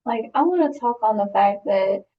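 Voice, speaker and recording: Young woman host, higher voice, distant. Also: lively intonation, moderate pace, muffled recording. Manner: casual, uses "like" often, laughs lightly. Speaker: podcast host. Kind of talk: casual interview chat.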